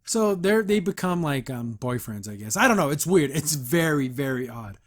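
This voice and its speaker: A male podcast host gives a loose, casual recap of a cartoon episode, often breaking off for mocking, incredulous asides punctuated by chuckles. His voice is a little high, animated, and moderately paced.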